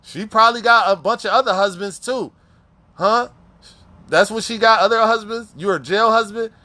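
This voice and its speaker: A man's voice: high-pitched, moderate pace, pushed and bright, no echo. A man voicing a sassy, scolding older woman who works as a prison nurse. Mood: teasing. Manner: scolding, mocking.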